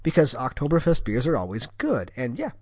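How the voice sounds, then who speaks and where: A man's voice: medium pitch, wildly swooping pitch, fairly quick, darkish tone, no room sound, studio quality. A man from Wisconsin co-hosting a podcast, telling stories in a rambling, casual way with lots of restarts. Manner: rambling storyteller with frequent restarts. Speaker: podcast co-host. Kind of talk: casual chat.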